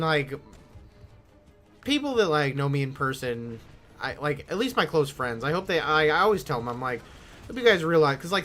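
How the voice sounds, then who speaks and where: Bright-voiced rambling male gaming streamer. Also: on the high side. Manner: rambling, animated storytelling with mimicked quotes; swears freely. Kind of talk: casual gaming stream chat.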